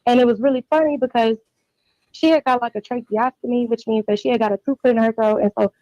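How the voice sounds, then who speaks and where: A woman's voice: fairly high pitch, steady tone, fast talker, dark tone, dry recording. A woman in her twenties from Texas, calling in to a show and telling a long personal story in a rambling way with many restarts. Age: 20s. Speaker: caller. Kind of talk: casual phone call-in chat. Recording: dull dry phone line.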